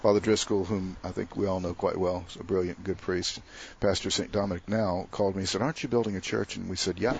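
A man's voice: sits low, fairly even intonation, fast, vocal fry, hardly any pauses, slight background noise. A man, a parish priest, chatting on a radio pledge drive and telling stories with a laugh now and then. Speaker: priest guest. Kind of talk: casual storytelling interview.

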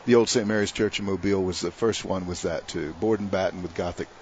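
A man's voice: low-pitched, steady tone, quick pace, a little mellow, a little hiss or hum. A man, a parish priest, chatting on a radio pledge drive and telling stories with a laugh now and then. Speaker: priest guest. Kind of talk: casual storytelling interview.

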